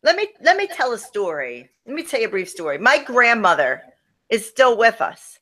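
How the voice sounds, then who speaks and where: A woman's voice: fairly high pitch, big pitch swings, normal speed, sharp tone. A woman co-hosting a casual gossip chat, blunt and exasperated, swearing freely as she recaps a reality show. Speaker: podcast co-host, former wrestler.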